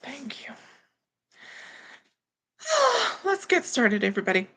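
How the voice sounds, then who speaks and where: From her bedroom computer, a woman hosts a casual livestream chat, apologizing and greeting viewers by name. Her high, sharp voice swoops wildly in pitch, and she takes her time. The sound comes through a computer mic.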